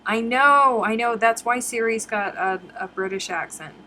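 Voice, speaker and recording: A woman's voice: a little high, moderate pace, bright, forceful tone, slight background noise. A woman hosting a casual crochet live stream from home, chatting and reading viewer comments aloud.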